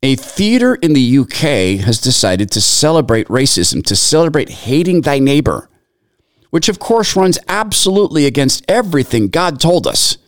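A man's voice: a little high, big pitch swings, normal speed, dry recording, studio quality. A man giving sermon-like commentary in an earnest tone, reciting scripture in long lists. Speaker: Christian commentator.

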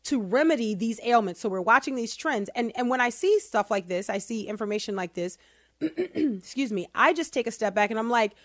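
A woman hosting a podcast, talking through survey data with sarcastic asides, speeding up and then slowing down for emphasis. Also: on the high side, no echo, studio quality. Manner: animated, sarcastic asides, quick bursts then slow emphasis. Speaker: podcast host. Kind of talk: casual opinion podcast talk.

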